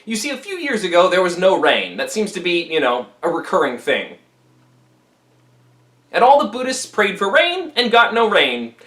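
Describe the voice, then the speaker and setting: A man retelling an old legend in a casual, animated storytelling style with jokey asides. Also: high voice. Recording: roomy echo.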